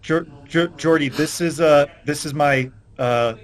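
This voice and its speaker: A man's voice: a little high, unhurried. Guy playing a tabletop game, stammers a lot, keeps repeating himself. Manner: stammering, repeats words when in character. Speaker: player. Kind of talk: tabletop role-play.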